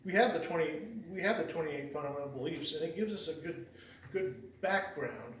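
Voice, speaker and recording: A man's voice: a little high, expressive, a little fast, fairly bright tone, a little hiss or hum. Folksy man preaching in an echoey church. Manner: folksy, rambling, frequent restarts and repeated words. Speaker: lay preacher. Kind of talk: conversational sermon with storytelling. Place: church sanctuary. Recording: echoey church hall heard from a distance.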